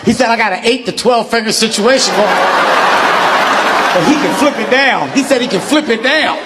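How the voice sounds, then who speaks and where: High-voiced man doing stand-up. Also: normal speed, long reverb tail, over a noisy crowd. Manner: animated, punchy storytelling. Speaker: stand-up comic. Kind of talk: stand-up routine. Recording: club set with loud audience and noise.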